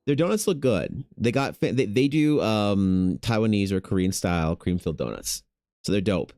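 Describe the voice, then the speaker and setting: A man's voice: fairly low pitch, lively intonation, normal speed, darkish tone, dry recording, clean studio sound. A man chatting casually on a stream in a laid-back, slangy, rambling way. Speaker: streaming artist. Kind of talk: casual chat on a livestream.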